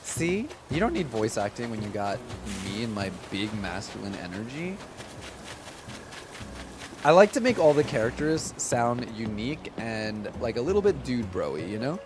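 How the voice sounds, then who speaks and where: A man's voice: mid-range voice, sing-song, normal speed, music in the background. A man streaming a game live, chatting playfully and mocking himself with laughter. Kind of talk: casual live-stream chat.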